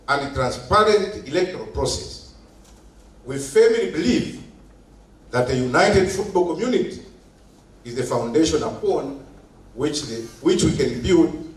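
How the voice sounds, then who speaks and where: A man giving a formal opening speech at a meeting, slow and emphatic, repeating his key phrases. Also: on the high side. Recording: echoey hall, heard from a distance.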